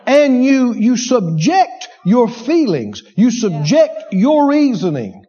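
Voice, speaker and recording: High husky preacher guy, lively up and down delivery, kinda muffled lo-fi recording. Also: takes it slowly. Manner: animated, acts out inner voices, laughs while preaching. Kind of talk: sermon.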